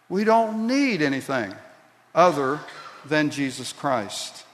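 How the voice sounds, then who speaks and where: A pastor delivering a sermon at an unhurried, deliberate pace, his fairly high voice rising to emphatic peaks. The sound carries the long reverb of a large sanctuary. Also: sing-song. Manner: slow deliberate preaching that builds to emphatic peaks.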